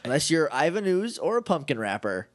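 A man co-hosting a podcast, recapping an episode in casual chat with jokes and quick impressions. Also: fairly high pitch. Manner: jokey, animated retelling with quick bits of mimicry. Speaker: podcast co-host.

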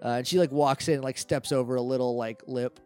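A man's voice: medium pitch, fairly even intonation, fast, a little mellow, soft background music. A man narrating as game master of a tabletop role-playing podcast, loose and chatty with lots of fillers.

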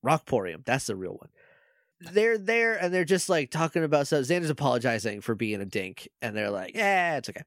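A podcast co-host talks through an episode in a loose, joking way, often laughing and acting out the characters' lines. His pitch swoops widely as he goes. The sound is close and dry, with no room to it. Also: sing-song, a little fast, no echo. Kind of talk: casual chat recapping an episode.

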